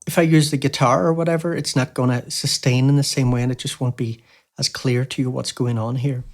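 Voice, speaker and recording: A man hosting a music software tutorial, explaining casually with lots of fillers like "you know" and "um". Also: medium pitch. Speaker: tutorial host. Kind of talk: screen-recorded software tutorial.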